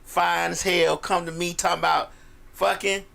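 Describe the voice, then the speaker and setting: A man co-host on a casual talk radio show with a strongly gravelly, bright voice pitched a little high. He talks bluntly and emphatically, crude and unfiltered. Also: level tone, moderate pace. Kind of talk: casual chat.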